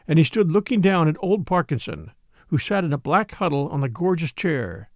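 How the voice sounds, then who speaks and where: Male narrator, scripted audiobook reading; lively, expressive delivery. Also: a little high, moderate pace, no room sound, clean studio sound. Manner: expressive storytelling.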